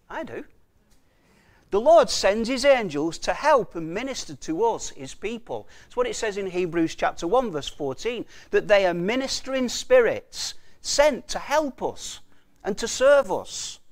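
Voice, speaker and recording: A man preaching a sermon, reading scripture slowly and asking his listeners rhetorical questions, with frequent restarts. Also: high-pitched. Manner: reads scripture slowly and deliberately.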